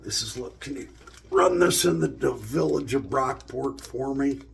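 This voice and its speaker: A man's voice: mid-range voice, measured pace, gravelly, slight background noise. A middle-aged man vlogging and telling stories in a loose, profane, joking way. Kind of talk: casual storytelling monologue.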